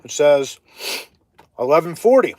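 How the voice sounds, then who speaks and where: A man spins a hiking tale on his live stream, chatty and animated, breaking off now and then to greet viewers. His voice sits a little high. The sound is close and dry, with no room echo. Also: measured pace. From Ohio. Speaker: livestreaming vlogger. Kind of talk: casual live-stream storytelling.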